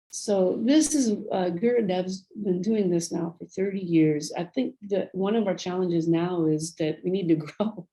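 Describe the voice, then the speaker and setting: A woman's voice: lowish voice, mellow, poor audio. A woman speaking earnestly and a little rambly on a video call, retelling stories about the volunteer work she does. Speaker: volunteer speaker on prison program. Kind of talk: casual talk on a video call.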